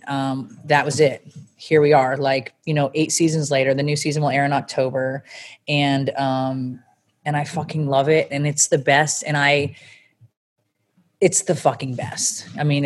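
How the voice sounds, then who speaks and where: A woman in her forties, an interview guest, telling her story candidly and bluntly, swearing freely. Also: sits low.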